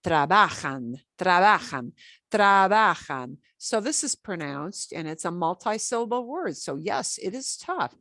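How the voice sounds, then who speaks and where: Lively, encouraging woman Spanish teacher. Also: mid-range voice, no room sound, clean studio sound. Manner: chatty, encouraging, drills words slowly. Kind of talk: online beginner Spanish class.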